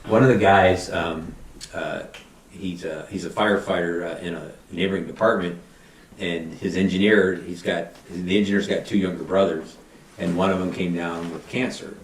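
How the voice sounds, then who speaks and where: A middle-aged man, a fire battalion chief, telling animated anecdotes and acting out quotes in a casual interview. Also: deep voice, normal speed. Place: podcast studio. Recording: roomy, somewhat distant mic.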